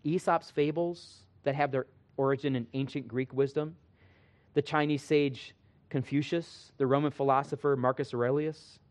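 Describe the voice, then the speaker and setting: A man preaching a sermon as pastor, earnest, swinging between emphatic rising lines and quiet asides to his congregation. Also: medium pitch, fairly even intonation, normal speed.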